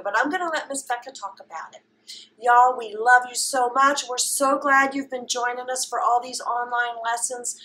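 A woman welcoming children back to church, warm and upbeat, speaking straight to them. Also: a little high. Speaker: children's ministry leader. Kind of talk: welcome to families.

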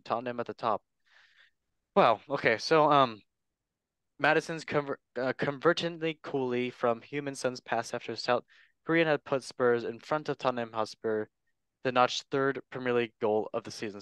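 A man hosting a football chat show in a teasing, jokey way. His voice is smooth and resonant. The sound is dry and close. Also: medium pitch, fairly bright tone, dry recording. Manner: jokey, teasing, reads news aloud. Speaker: host. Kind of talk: casual panel chat.

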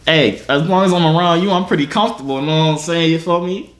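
A man's voice: fairly high pitch, fast, fairly bright tone. Playful man, echoey phone chat. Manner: playful, slips into put-on Jamaican patois. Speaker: host. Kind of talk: flirty video-chat banter. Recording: echoey room with faint noise.

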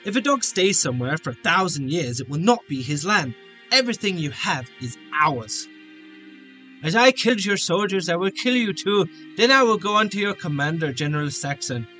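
A man's voice: sits high, animated, moderate pace, bright, forceful tone, soft background music. A man putting on a stiff, menacing British soldier. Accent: attempted British. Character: menacing adult male British enemy soldier.

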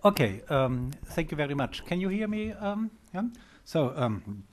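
Soft-spoken lecturing man, higher voice. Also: very animated, noisy background. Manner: halting, hesitant with fillers, then reads prepared text. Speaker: guest lecturer. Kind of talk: academic lecture.

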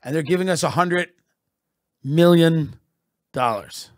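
Mock-solemn higher-pitched man, slow. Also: no echo, clean studio sound. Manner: deadpan mock-patriotic, breaks into laughter. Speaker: podcast host. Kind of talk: satirical comedy monologue.

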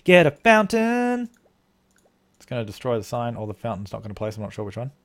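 A man's voice: on the low side, little pitch movement, very fast, a little mellow. A man from Australia streaming a game live, thinking aloud as he plays and thanking viewers for donations. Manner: rambling, thinking aloud while playing. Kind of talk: live gameplay commentary.

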